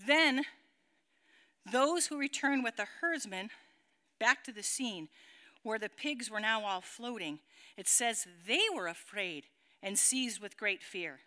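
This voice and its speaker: A woman with a high voice and a very bright, sharp tone leads a Bible study for a group. She tells the story dramatically, acts out its sound effects and keeps asking her listeners questions. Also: expressive, takes it slowly. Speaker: Bible teacher. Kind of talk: animated Bible teaching to a group.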